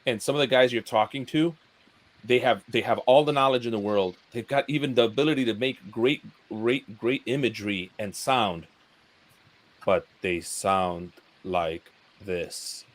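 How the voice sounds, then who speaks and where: A man's voice: medium pitch, moderate pace. A man sharing his thoughts in a casual live stream chat, earnest and prone to repeating words. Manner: earnest, repeats words, mimics a dull flat speaker. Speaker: YouTuber guest.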